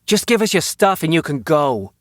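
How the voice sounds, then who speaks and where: A man voicing a nervous, blustering street robber in an audiobook, shouting threats. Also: a little high, big pitch swings, moderate pace, no room sound, voice pushed up. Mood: threatening.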